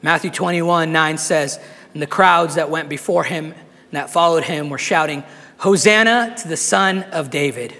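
A man, a pastor, delivering an impassioned sermon to a live congregation, building up to shouts and often restarting phrases. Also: a little high, moderate pace, long reverb tail. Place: church sanctuary with a live congregation.

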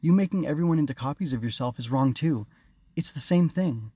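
A man voicing a proud, bossy young girl ruler in a high, bright put-on child voice, for an audiobook. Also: lively intonation, brisk, slightly rough, no room sound. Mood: earnest. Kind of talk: audiobook character reading.

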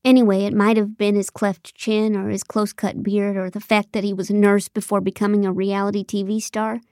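A woman narrating a comic mystery audiobook in the first person, with a wry, deadpan, sarcastic delivery. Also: medium pitch, brisk, no room sound, clean studio sound.

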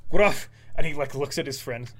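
A man narrating as game master in a tabletop game, lively, putting on voices and laughing at his own accents. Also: medium pitch, brisk, background noise.

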